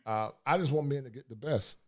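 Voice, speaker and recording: A blunt man hosts a casual livestream and talks in a streetwise, preachy way. His voice sits at an ordinary middle pitch. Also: brisk, a little mellow. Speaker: livestream host.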